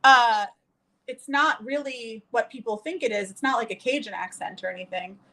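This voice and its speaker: A woman's voice: a little high, moderate pace, sharp tone, rough recording. A young woman from New Orleans chatting casually and laughing while she does her makeup on a stream. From New Orleans, USA.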